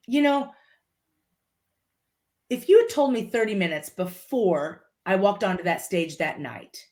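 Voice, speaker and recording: A woman's voice: lowish voice, darkish tone. A woman from Litchfield, Illinois, a podcast guest telling a motivational story and repeating her key phrases for emphasis.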